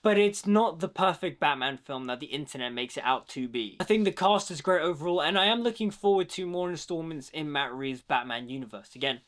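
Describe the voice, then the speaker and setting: A man's voice: on the high side, expressive, a little fast, few pauses, a bit bright. A man giving a casual, opinionated film commentary, talking freely with lots of "like" fillers. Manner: opinionated, chatty, many "like" fillers. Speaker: movie commentator.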